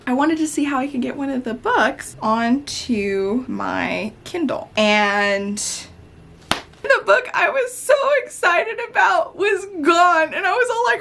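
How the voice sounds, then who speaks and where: Woman reading vlogger: higher voice, talks slowly, easy casual chat that breaks into giddy laughter. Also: creaky. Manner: excitable, laughs often, swings from calm recap to giddy outbursts. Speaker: book vlogger.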